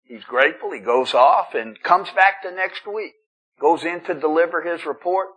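Middle-aged man giving a testimony at a meeting; husky, slightly high, chatty, trips over his words. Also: moderate pace, a bit bright, low-quality recording. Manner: conversational storytelling with self-deprecating humor; frequent restarts and stammering. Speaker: recovery meeting speaker. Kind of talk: personal testimony talk. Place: meeting room.

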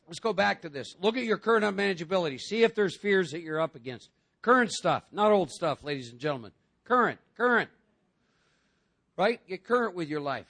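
A man with a high, gravelly voice talks to a recovery group in a lively, joking way. He acts out other voices and pulls the room along with questions. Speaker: recovery meeting speaker.

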